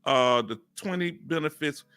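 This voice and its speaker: A man from Houston with a Southern Texas accent, hosting a live stream in a folksy, drawn-out storytelling way. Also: fairly high pitch, pushed and bright, clean tone. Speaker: host.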